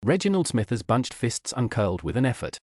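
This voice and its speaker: Male audiobook narrator, animated delivery, dry booth sound. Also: medium pitch, a little fast, dry recording. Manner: lively, animated reading with voiced characters. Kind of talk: scripted narration.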